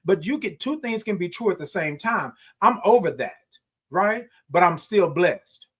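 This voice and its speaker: Animated high-voiced man hosting a morning chat. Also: normal speed, slightly rough. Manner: animated, preacher-like, repeats phrases. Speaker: host. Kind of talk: live morning show chat reading comments.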